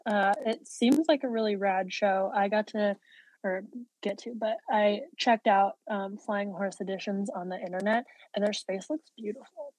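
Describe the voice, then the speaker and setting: A woman's voice: mid-range voice, normal speed, a little mellow, no room sound, rough recording. A woman co-hosting a podcast in casual chat, upbeat and slangy, encouraging her co-host.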